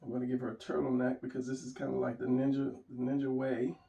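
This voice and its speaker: A man's voice: medium pitch, monotone, fast, vocal fry, mellow, dull audio. A man giving a casual drawing lesson, rambling and restarting as he draws and talks it through. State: hiccuping. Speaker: drawing teacher. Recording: roomy, mic at a distance.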